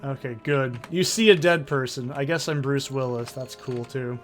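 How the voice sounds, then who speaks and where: A man hosting a let's play, giving casual, excitable commentary and swearing freely as he plays. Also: mid-range voice, normal speed, soft background music.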